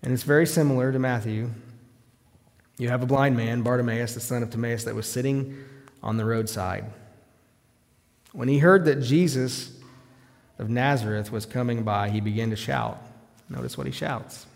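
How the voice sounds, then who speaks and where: Male preacher, mid-pitched voice, sermon with scripture reading, long hall reverb. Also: normal speed, vocal fry, pauses often. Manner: reads scripture aloud, rising to loud shouts in quoted cries.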